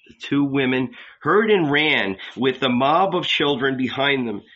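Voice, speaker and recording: Calm bright-voiced male reader. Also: mid-range voice. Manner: calm, measured reading. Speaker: audiobook reader. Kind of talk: scripted narration of a novel. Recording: dull lo-fi recording.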